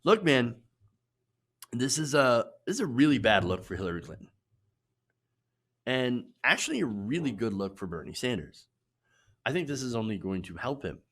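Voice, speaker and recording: Animated, sarcastic male commentator. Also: mid-range voice, normal speed, pauses often. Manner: emphatic, sarcastic, repeats for emphasis. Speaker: political commentary host. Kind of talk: opinion commentary.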